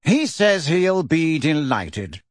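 A man's voice: on the high side, big pitch swings, unhurried, sharp tone, no room sound, clean studio sound, full character voice. A man voicing a haughty wizard in a portrait, with a reedy voice and a bored, drawling, disdainful manner.

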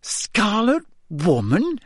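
A man voicing a clever, bossy teenage schoolgirl witch in an audiobook, speaking briskly and sharply. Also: fairly high pitch, sing-song, dry recording, clean studio sound, voice pushed up. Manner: brisk, sharp and quick to snap.

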